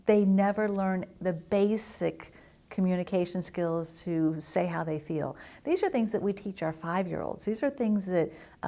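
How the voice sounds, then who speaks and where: A woman's voice: lowish voice, a little mellow. A middle-aged woman, a family therapist, explaining to parents in an earnest, instructive way. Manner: earnest, explanatory, acts out children's quotes. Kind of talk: educational talk to parents.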